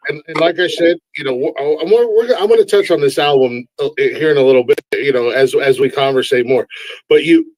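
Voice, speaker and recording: A man hosting a casual live-stream interview, excitable and stammering through restarts, swearing freely. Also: a little high, a little fast, dry recording, rough recording. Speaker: host.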